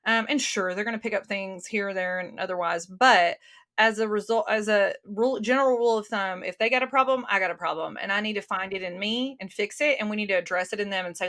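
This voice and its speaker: A woman's voice: medium pitch, a little fast, fairly bright tone. A woman guest talking earnestly and casually in an interview, with many fillers and restarts, over a remote call. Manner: earnest, talks from the heart.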